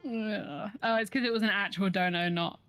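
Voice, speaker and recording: A woman's voice: mid-range voice, moderate pace, a bit bright, faint music behind. A woman co-streamer in casual live-stream chat, joking and self-mocking, laughing often.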